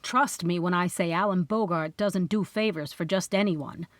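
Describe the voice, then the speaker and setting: A woman's voice: fairly low pitch, normal speed, no room sound, close to an everyday voice. A woman voicing an amused, chatty man who leads a mystery club in an audiobook. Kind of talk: audiobook character voice.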